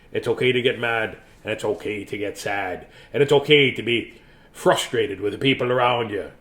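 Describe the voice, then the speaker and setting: A man hosting a bedtime story video, hoarse, talking in a playful, silly way with pirate growls. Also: mid-range voice, a bit bright. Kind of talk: casual bedtime sign-off to viewers.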